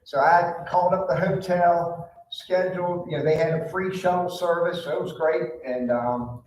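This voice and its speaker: A man's voice: a little high, normal speed, a little mellow, slight background noise. A man, a pastor telling a folksy story from the pulpit with many fillers. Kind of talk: storytelling sermon. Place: church sanctuary. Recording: echoey church hall, mic far off.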